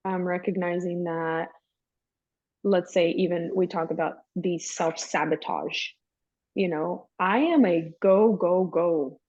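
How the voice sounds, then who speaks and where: Woman guest talking candid and emphatic, dark mellow voice, kinda lo-fi dry audio. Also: fairly low pitch, steady tone, slow pace, no echo. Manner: emphatic, chatty, calls listener "girl". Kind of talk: candid personal storytelling. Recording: dull lo-fi dry sound.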